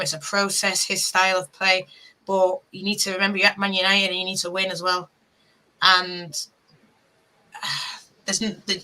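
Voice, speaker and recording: A woman's voice: mid-range voice, sharp tone, poor audio. A woman co-hosting a fan podcast, talking in a passionate, rambling, exasperated way. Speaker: podcast co-host. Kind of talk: casual chat.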